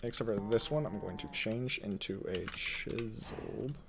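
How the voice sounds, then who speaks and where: A man's voice: fairly low pitch, normal speed, creaky, background noise. A man streaming a building game from his desk at home, thinking aloud in casual commentary, reading chat and chuckling often.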